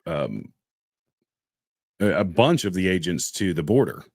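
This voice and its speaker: A man's voice: sits low, sing-song, a little slow, vocal fry, a little mellow, no room sound, clean studio sound. A man co-hosting a casual political podcast, reading news stories aloud with many fillers and restarts.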